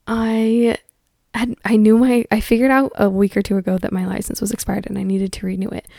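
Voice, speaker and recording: A woman's voice: medium pitch, gravelly, dark tone, no echo, clean studio sound. A young woman and mother telling a story to her viewers in a chatty, rambling way, full of likes and ums. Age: young adult. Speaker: vlogger.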